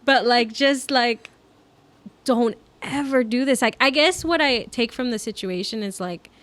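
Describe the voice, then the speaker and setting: A woman's voice: a little high, measured pace, no echo. A woman co-hosting a podcast, telling a story in casual chat, filling her talk with "like" and acting out the lines of others. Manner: animated storyteller, acts out quoted dialogue, many "like" fillers. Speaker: podcast co-host.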